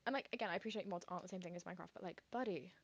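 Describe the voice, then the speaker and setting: A woman's voice: fairly low pitch, very fast, husky, no room sound, lo-fi sound. A woman, chatting casually and thinking aloud while streaming a game, with lots of fillers and rambling asides. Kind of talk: casual gameplay commentary.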